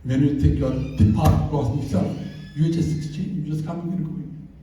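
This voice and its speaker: A man's voice: fairly high pitch, steady tone, moderate pace, mellow, slight background noise. An older man giving a reflective, storytelling talk to a live audience in a hall. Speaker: speaker. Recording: very echoey hall, voice from far off.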